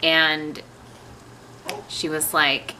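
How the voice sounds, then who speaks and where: A woman's voice: deep voice, flat delivery, very slow, noisy background. A young woman telling a personal story to her camera at home, chatty and rambling with many fillers and asides. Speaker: vlogger.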